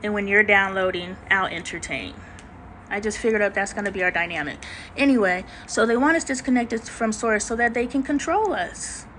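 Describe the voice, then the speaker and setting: A woman hosts a casual livestream, greeting viewers and talking emphatically in slang, with preachy asides. Her voice is medium-pitched, fairly bright and at normal speed, on a rough recording with slight background noise.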